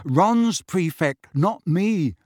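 A man's voice: high-pitched, animated, extremely slow, dry recording, clean studio sound, pitched above the performer's own voice, heavily acted. A man voicing a level-headed teenage wizard boy in an audiobook, plain and matter-of-fact. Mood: insistent.

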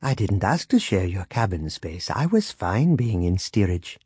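A man's voice: low-pitched, big pitch swings, unhurried, mellow, breathy edge, no echo, full character voice. A man voicing a small, prickly male alien who asks dry, needling questions.

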